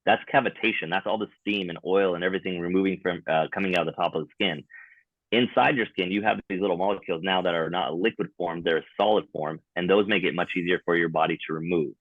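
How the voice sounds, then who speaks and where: A man's voice: deep voice, fast talker, dry recording. A man talking in a casual podcast chat as a guest, explaining his work in a laid-back way with frequent fillers. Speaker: tattoo removal specialist, podcast guest. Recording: dry, phone-like narrow sound.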